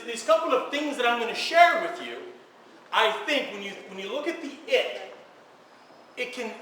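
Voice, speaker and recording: Guy giving a pumped-up talk at an event, highish bright voice, lots of echo, mic pretty far off. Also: slight background noise. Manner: energetic, emphatic, repeats phrases for effect. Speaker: speaker at a social media event. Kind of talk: conference talk. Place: event hall with an audience. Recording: echoey room picked up from afar.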